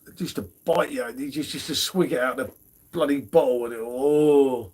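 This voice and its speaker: There's a slight roughness to this middle-aged host's medium-pitched, brisk voice. He's chatting on a casual beer livestream, all friendly banter and frequent "mate"s.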